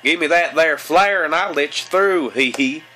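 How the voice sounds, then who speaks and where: A man's voice: a little high, moderate pace, bright, forceful tone, voice pushed up. A man doing a giggling hillbilly creature. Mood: sly. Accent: put-on Southern hillbilly. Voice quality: giggling, drawling. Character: creepy male gallery creature, greedy, begging.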